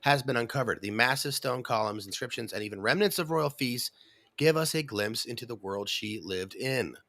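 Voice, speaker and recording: A man's voice: medium pitch, moderate pace, pushed and bright, no echo. A man co-hosting a casual Bible study talk show, reading historical notes aloud and joking in between. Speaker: co-host.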